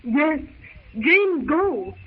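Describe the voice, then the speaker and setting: Jane on scratchy 1930s radio. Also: female voice, high voice, big pitch swings, phone-quality sound, full character voice. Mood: pleading. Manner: slow, simple repeated words. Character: young woman Jane, frightened but determined.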